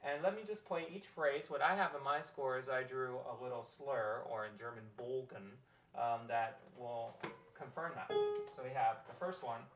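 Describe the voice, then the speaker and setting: A choir director with a mid-range voice at normal speed leads a rehearsal, walking through the score and singing short example phrases. He's recorded off mic, distant and roomy, with loud music behind him.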